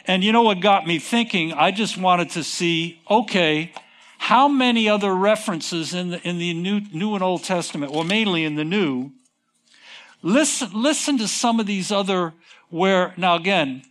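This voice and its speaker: Preaching at an unhurried pace, this man stresses words by stretching them and wanders into homespun conversational side remarks. He has a high voice with a slightly bright quality.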